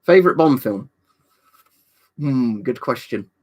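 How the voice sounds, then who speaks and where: A man's voice: medium pitch, expressive, slow pace, a little mellow. A young adult man from England chatting casually on a live stream, rambling, swearing freely and answering viewers' questions.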